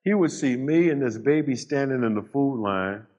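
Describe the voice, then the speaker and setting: An older man giving a storytelling speech to a live audience, pausing for effect and building emphasis. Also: medium pitch, expressive, a little mellow, dull audio. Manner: storytelling with dramatic pauses and rising emphasis. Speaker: motivational speaker.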